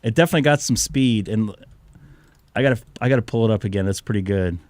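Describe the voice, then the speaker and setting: A man's voice: lowish voice, quick pace, a little mellow. A man hosting a ham radio live stream, chatting casually and telling rambling stories while losing his voice a little. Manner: rambling, storytelling, joking. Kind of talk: casual chat.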